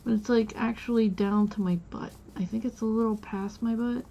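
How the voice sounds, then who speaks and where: Mellow-voiced woman rambling through a story. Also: a little high, fairly even intonation, moderate pace, vocal fry, dull audio, a little hiss or hum. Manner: rambling storytelling full of "like" and restarts. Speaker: streamer. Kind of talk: casual chat while playing a game.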